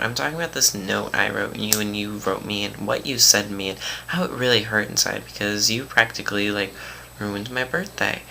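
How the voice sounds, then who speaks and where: A teenage boy telling a story in a casual vlog, dramatic and animated, mocking the people he quotes. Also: on the low side, a little fast, vocal fry, slight background noise.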